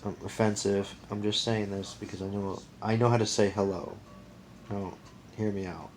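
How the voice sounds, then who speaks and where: This American vlogger's low, level, slightly mellow voice moves at a moderate pace through a repetitive, opinionated monologue to camera. He rambles, restarts, and repeats himself, with a little hiss or hum in the recording.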